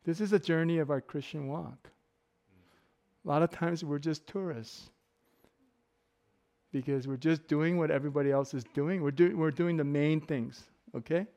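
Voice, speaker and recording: A man's voice: a little high, normal speed, warm tone. A middle-aged man giving a casual sermon full of personal stories, joking and laughing often. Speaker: pastor.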